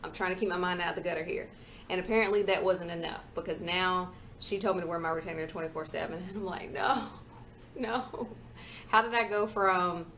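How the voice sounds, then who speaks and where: A young woman in a home vlog with a somewhat low voice, talking freely and venting with frank asides, her words a little mushy from a retainer. There is a faint hiss of background noise, as from a camera mic in a living room. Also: fairly bright tone. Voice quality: slightly slurred speech from a retainer. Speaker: vlogger. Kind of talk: casual chat vlog.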